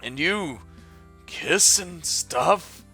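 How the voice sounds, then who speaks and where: A man's voice: on the high side, expressive, drawn-out words, pushed and bright, husky, faint music behind, voice pushed up, exaggerated voice. A man voicing a snippy, judgmental teenage girl classmate with a sneering manner while reading a visual novel aloud.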